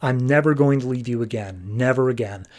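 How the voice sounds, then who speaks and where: A man voicing a protective male superhero father in a comic recap, firm and steady. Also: mid-range voice, a little fast, close to an everyday voice.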